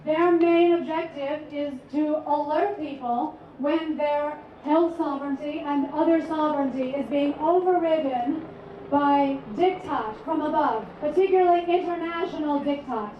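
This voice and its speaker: A woman professor born abroad giving a measured, articulate speech to a rally crowd. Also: high-pitched, a little hiss or hum. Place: outdoor rally over loudspeakers. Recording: echoey distant lo-fi rally sound.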